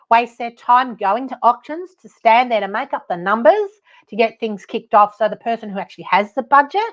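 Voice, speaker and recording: Australian woman, podcast host, blunt and chatty, mid-pitched voice, slightly dull lo-fi sound. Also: a bit bright. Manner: blunt, chatty, laughs at her own stories. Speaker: podcast host and buyer's advocate. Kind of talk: casual solo podcast talk.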